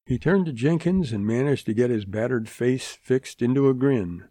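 Mellow-voiced male western narrator. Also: mid-range voice, dry recording, studio quality. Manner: steady, measured storytelling. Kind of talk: scripted audiobook narration.

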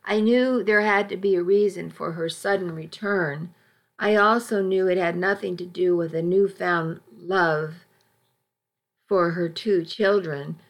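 A woman reading a first-person story aloud in a measured, even storytelling delivery. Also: lowish voice. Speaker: audiobook narrator. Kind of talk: first-person scripted narration.

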